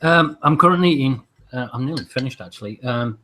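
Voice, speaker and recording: A man's voice: medium pitch, expressive, brisk, background noise. A British man co-hosting a casual podcast, laid-back and swearing freely. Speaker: podcast co-host. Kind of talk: casual chat.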